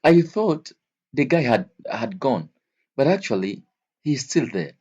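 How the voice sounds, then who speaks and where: A man teaching English vocabulary to learners, speaking slowly and repeating each word and example several times. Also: mid-range voice, very animated, darkish tone, breathy edge, muffled recording. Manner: slow, repeats words and examples.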